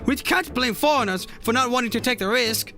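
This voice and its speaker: A man putting on frantic shouting guild workers. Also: extremely high pitch, brisk, vocal fry, faint music behind, pitched above the performer's own voice, full character voice. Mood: exasperated. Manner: loud, exasperated arguing.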